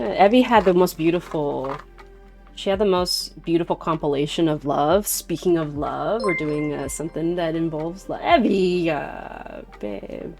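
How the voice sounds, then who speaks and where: A woman's voice: low-pitched, normal speed, a little mellow, soft background music. A woman in her thirties chatting casually on a live stream while doing a card reading, greeting viewers by name and laughing often.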